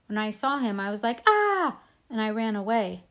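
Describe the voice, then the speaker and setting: A woman voicing a whiny, excitable little boy in a storybook reading. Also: mid-range voice, a little fast, natural voice. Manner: whining, dramatic outbursts.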